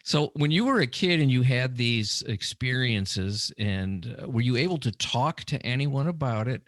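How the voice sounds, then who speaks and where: A man's voice: mid-range voice, expressive, normal speed, a bit bright, no echo. A man hosting a podcast, asking rambling questions and restarting them, on a close studio mic. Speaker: podcast host. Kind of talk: casual interview questions.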